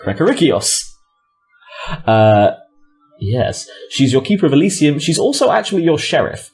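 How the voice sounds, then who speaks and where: A man's voice: on the high side, sing-song, moderate pace, a little mellow, soft background music. A man narrating as game master, rambling with fillers and self-corrections.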